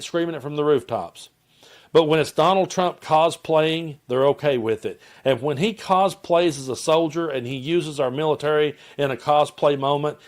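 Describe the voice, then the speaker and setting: A man from Tennessee with a Southern accent, giving impassioned political commentary and calling his viewers folks. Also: on the high side. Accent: Southern American.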